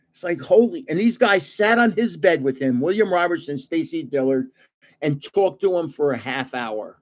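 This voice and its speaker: A man's voice: on the high side, darkish tone. An older man hosting a casual livestream, telling rambling stories and chuckling often. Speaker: channel host giving away trading cards.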